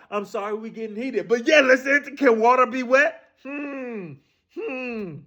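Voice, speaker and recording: A man, ranting casually about scripture in a profane, animated way, full of repeated rhetorical questions. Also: very high-pitched, measured pace, dull audio. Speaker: streamer discussing scripture.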